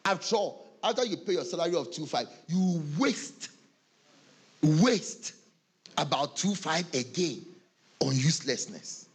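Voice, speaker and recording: A man's voice: a little high, expressive, unhurried, breathy edge. A man with a Ghanaian English accent, preaching as a pastor, acting out church members' excuses and laughing often. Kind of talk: sermon.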